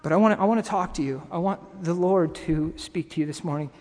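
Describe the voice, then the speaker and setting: A man preaching a sermon to his congregation, earnest and halting, with pauses and restarts. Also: high voice, darkish tone. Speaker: pastor. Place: church sanctuary. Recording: long reverb of a hall.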